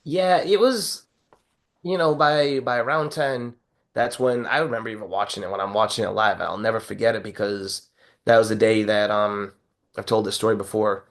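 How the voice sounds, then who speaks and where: A man in casual podcast chat who tells stories with lively, animated energy. He acts out what others said and swears freely as he gets worked up. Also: fairly low pitch, brisk. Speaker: podcast co-host.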